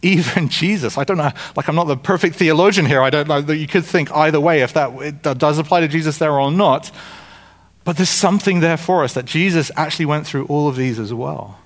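A man's voice: fairly high pitch, brisk. A man preaching a sermon in a conversational, informal way, with frequent restarts and asides and jokes with the congregation. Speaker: pastor.

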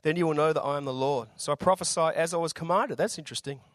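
A slightly raspy man with an Australian accent preaches a sermon, his voice sitting a little high for a man. He keeps it informal and jokey, with plenty of ums and uhs. The sound is close and dry, with no room echo. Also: fast talker. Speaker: visiting preacher.

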